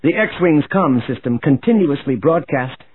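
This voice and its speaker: A man reads a space adventure aloud as narrator, steady and measured, at a mid pitch. The recording is narrow and tinny, like a phone line. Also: slight background noise. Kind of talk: audiobook narration.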